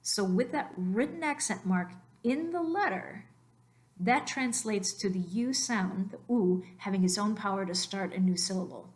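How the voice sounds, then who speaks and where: A woman at a middle pitch narrates a recorded slide lesson on Spanish pronunciation. She explains step by step and patiently, drawing out the words she wants to stress. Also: moderate pace. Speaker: Spanish teacher.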